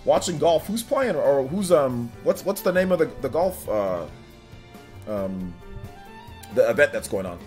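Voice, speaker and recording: A man's voice: medium pitch, very animated, unhurried, darkish tone. A man hosting a casual livestream, talking straight to his viewers, reading their comments and laughing often. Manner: chatty, laughs often, answers viewers directly. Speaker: livestream host reading chat. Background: faint game music.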